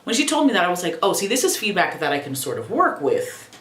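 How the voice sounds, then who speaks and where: Young woman, low voice, animated pitch, sassy and profane, roomy home echo. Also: quick pace, slight background noise. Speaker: YouTuber. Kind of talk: casual reflective vlog.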